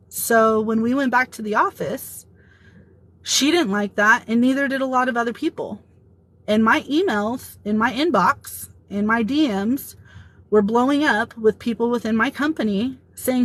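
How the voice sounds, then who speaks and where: A woman telling an animated story about her workplace in a casual vlog, quoting the people involved. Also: on the high side, moderate pace, rough recording. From Italian heritage. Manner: animated retelling, quoting others.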